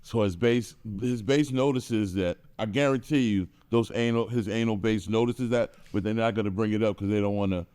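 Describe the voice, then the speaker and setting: Man co-host, low and mellow, smooth resonant voice, easygoing. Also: normal speed, hardly any pauses. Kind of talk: casual talk show banter.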